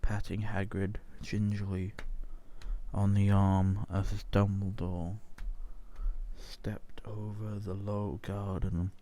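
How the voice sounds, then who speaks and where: Low, slow, dry-voiced man, soft and half-whispered for an ASMR story reading. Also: level tone, slight background noise. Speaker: reader.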